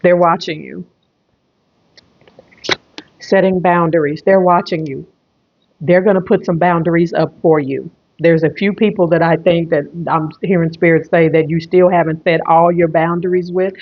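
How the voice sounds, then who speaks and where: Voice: medium pitch, steady tone, moderate pace, highs cut off. A tarot reader and medium giving an online reading, repeating phrases emphatically in a rambling flow.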